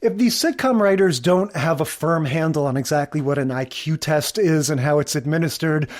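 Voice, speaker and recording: A podcast co-host in casual chat with a mid-range voice. They recap plots with energy and jump into quick impressions of the characters. The delivery is loose and playful. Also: medium pitch. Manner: animated, acts out quoted characters.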